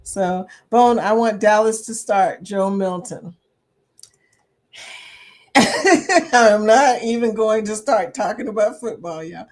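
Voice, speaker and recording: A woman's voice: medium pitch, slow, pauses often. An older woman hosting a casual livestream chat, reading viewer comments aloud and laughing often between remarks. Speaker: livestream host.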